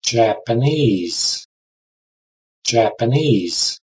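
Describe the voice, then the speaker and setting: Woman saying practice words twice each, really slow, pitch moves around a lot, sounds a bit far from the mic. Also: lively intonation, a little mellow. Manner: says each word or phrase twice, clearly. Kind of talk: slow repeat-after-me drill.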